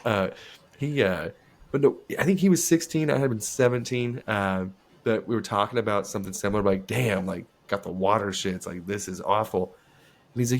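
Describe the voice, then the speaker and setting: A man's voice: on the low side, fairly quick. A young man co-hosting a podcast, telling a story in casual chat and acting out the voices in it with lots of swearing. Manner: animated storyteller, acts out friends' lines with profanity. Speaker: podcast co-host.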